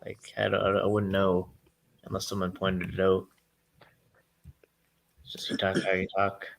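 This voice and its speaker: A man's voice: deep voice, a little slow, creaky. Rambling, laughing Massachusetts man. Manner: rambling, laughs often, animated tangents. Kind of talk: casual chat.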